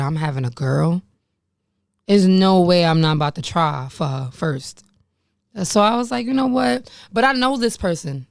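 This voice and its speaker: A woman's voice: on the low side, clean tone, no room sound, clean studio sound. A woman in her late twenties telling her life story straight to the camera, blunt and conversational, swearing freely and laughing at herself. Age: late 20s. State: pregnant. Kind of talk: candid storytime monologue.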